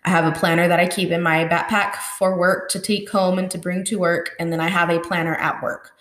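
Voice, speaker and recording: A young woman hosts her own podcast from home, talking in a bubbly, rambling way with plenty of ums and likes. Her voice is bright and forward. The room adds a noticeable echo. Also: fairly low pitch, little pitch movement, a little fast. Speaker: podcast host. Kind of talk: casual solo podcast chat. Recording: roomy echo.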